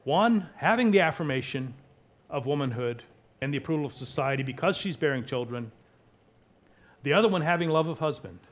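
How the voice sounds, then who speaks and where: A man preaching a sermon, emphatic, with wide swings between soft and loud. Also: fairly high pitch, lively intonation, fairly quick. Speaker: pastor.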